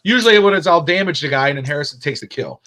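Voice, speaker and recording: A man with a somewhat high voice talks sports on a podcast in a relaxed, chatty register. He tells stories with energy and swears a lot, jumping from one idea to the next. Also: rapid-fire. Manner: animated, profane storyteller. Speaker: podcast co-host. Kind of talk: casual sports chat.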